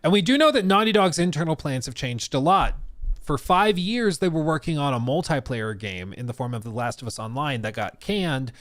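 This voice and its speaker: A chatty male streamer talking casually with a lively, swinging pitch. His voice sits close and dry on the mic, with no room sound around it. He laughs often as he chats. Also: brisk, no room sound. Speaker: streamer host. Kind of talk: casual live-stream chat.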